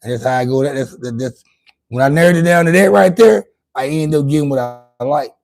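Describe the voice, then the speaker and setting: A man's voice: on the high side, a little fast, vocal fry, darkish tone. A man hosting his own livestream, talking loosely and profanely to his chat, rambling with lots of restarts. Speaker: livestream host. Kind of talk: casual livestream monologue.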